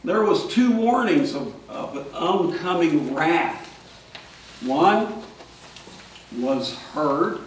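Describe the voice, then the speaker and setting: A man, a priest, giving a sermon in a large church and telling a story, now and then calling out his characters' lines loudly. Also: fairly high pitch, lively intonation, slow pace. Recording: echoey church from far off.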